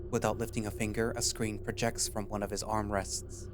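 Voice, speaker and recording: A man's voice: fairly low pitch, level tone, fairly quick, noisy background. A man reading a story aloud in first-person narration. In his recaps between chapters he rambles loosely and fills gaps with fillers. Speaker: story reader.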